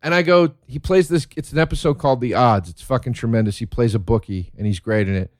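A man who is a comedian telling stories in a casual monologue, excitable and profane, laughing as he talks. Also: medium pitch, quick pace, no room sound, studio quality. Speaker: stand-up comedian.

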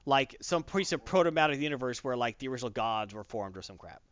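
A man co-hosting a podcast in casual chat, rambling and animated as he acts out quotes. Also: mid-range voice, fast talker, smooth, dry recording, highs cut off.

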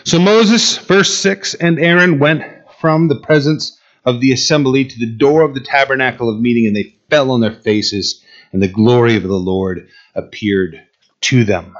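A man's voice: medium pitch, normal speed. Emphatic male pastor, lo-fi sound. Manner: emphatic, asks the listeners questions and repeats phrases. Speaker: pastor teaching a Bible class. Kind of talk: sermon.

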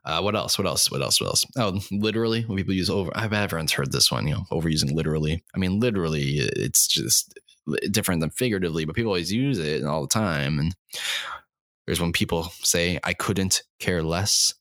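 A man rambling through a comic monologue in a deadpan, looping way, with a lowish voice that swings widely up and down. He's recorded close and dry, with almost no room sound. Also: fast, no room sound. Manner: repetitive, deadpan rambling with sudden squeaky voices.

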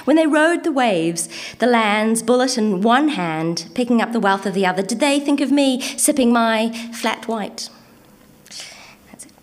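A woman with an Antipodean accent performing her own spoken word poetry in a rhythmic, measured delivery with deliberate pauses, and chatting casually and hesitantly between pieces. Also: on the high side, expressive, slight background noise. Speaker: poet reading her own work.

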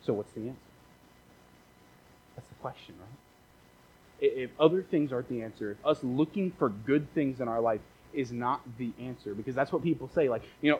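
A man's voice: medium pitch, a little fast, lo-fi sound, a little hiss or hum. A man preaching a casual, conversational sermon as a pastor, repeating phrases for emphasis and dropping joking asides.

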